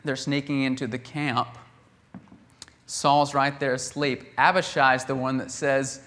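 Male preacher, mid pitch, casual sermon delivery, animated retelling with loud emphatic bursts. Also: a little slow. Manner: animated, acts out the quoted characters with bursts of volume; conversational, with laughs and restarts.

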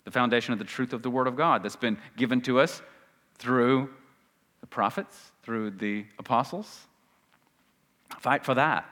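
Male pastor, mid-range voice, conversational sermon with self-deprecating humor, slows to stress key phrases; long hall reverb. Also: medium pitch, a bit bright. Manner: conversational teaching with self-deprecating jokes and mocking asides.

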